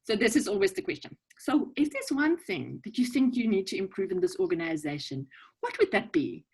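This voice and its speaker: Husky South African woman coaching. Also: medium pitch, fairly quick, low-quality recording. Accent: South African English. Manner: lively, joking, direct with frequent "okay?" and "right?". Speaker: guest speaker at a networking event. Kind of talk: casual coaching talk. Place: virtual event, video call. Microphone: video call.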